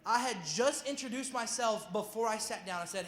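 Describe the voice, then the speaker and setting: A youth pastor preaches in a casual, slangy way, teasing the crowd between points. His voice sits high for a man. A long reverb trails after him in the hall. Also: brisk, few pauses, fairly bright tone. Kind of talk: sermon. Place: church hall with youth audience.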